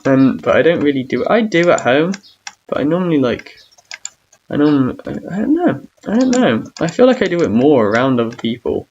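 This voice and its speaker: Rambling young man with a gravelly voice. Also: on the high side, sing-song, moderate pace, a little mellow, lo-fi sound, a little hiss or hum. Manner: rambling, awkward, self-mocking; hums and sings between talk. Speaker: gamer streamer. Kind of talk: casual gaming commentary.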